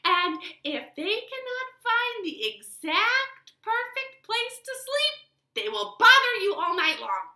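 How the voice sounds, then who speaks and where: A woman voicing a kindly old village wise woman in a high, sing-song storybook voice. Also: big pitch swings, slow pace, bright, forceful tone, exaggerated voice. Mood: knowing. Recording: roomy living room echo.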